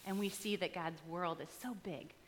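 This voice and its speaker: A woman pastor with a fairly low voice speaks at a moderate pace, with a little hiss or hum on the recording and long reverb from the large sanctuary. Her sermon is relaxed, conversational storytelling drawn from her life, lightened by humor.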